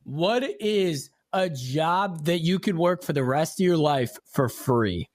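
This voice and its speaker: Blunt, swearing young podcast host. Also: male voice, a little high, animated, takes it slowly, a little mellow, no room sound, studio quality. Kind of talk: casual chat.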